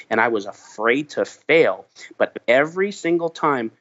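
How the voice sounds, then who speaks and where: A man's voice: mid-range voice, animated, moderate pace, a bit bright. A middle-aged man telling a motivational story as a podcast guest, earnest and emphatic, often restarting his words. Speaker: podcast guest, business founder. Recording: dull lo-fi podcast audio.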